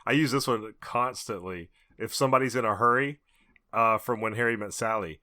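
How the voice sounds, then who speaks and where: Bright-voiced man on a podcast. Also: mid-range voice, brisk, no room sound, clean studio sound. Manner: storytelling, laughs at his own anecdotes. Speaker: podcast co-host. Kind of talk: casual chat.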